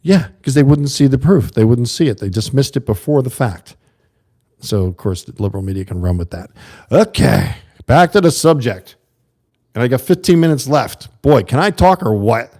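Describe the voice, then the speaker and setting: A man's voice: mid-range voice, expressive, moderate pace, dark tone. An American man hosting a livestream, rambling in a casual monologue to his viewers and reading their chat aloud. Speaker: livestream host.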